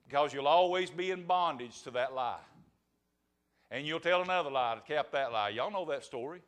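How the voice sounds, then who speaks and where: A man's voice: a little high, normal speed, a bit bright. A man preaching a sermon in a folksy, emphatic storytelling manner.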